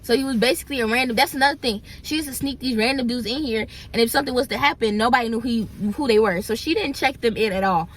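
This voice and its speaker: A young woman, telling viewers a storytime in an animated, chatty way. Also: on the high side, fast, hardly any pauses. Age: young adult. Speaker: vlogger. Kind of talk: storytime vlog.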